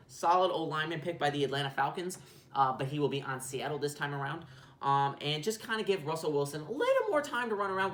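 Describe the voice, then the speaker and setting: A man's voice: on the high side, a bit bright, echoey room. A man hosting a casual sports video, rambling and swearing with lots of fillers. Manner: rambling, profane, with many fillers.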